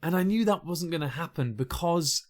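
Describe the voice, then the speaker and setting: A man's voice: a little high, lively intonation, moderate pace. Enthusiastic British man, podcast host. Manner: enthusiastic, laughs often. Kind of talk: casual film chat.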